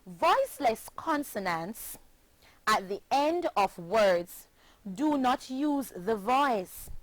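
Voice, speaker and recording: A woman from Jamaica teaching a pronunciation lesson, speaking clearly and deliberately and spelling words letter by letter. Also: on the high side, expressive, dry recording. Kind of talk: slow classroom pronunciation lesson.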